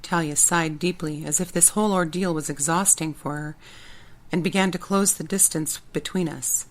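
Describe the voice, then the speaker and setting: A woman narrates a first-person audiobook in steady, plain storytelling. Her voice sits low for a woman. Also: normal speed.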